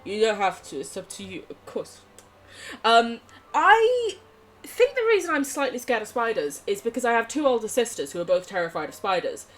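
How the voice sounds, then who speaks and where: A woman's voice: fairly high pitch, sing-song, moderate pace. A young woman streaming a game, chatting casually with viewers, giggling and swearing. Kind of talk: casual live gameplay chat.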